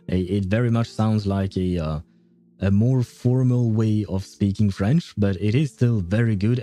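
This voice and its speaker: A man streaming a game, chatting casually, laughing often and filling pauses with hesitant "uh"s. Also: fairly low pitch, mellow. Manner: reads and answers chat aloud. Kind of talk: casual live-stream chat while playing.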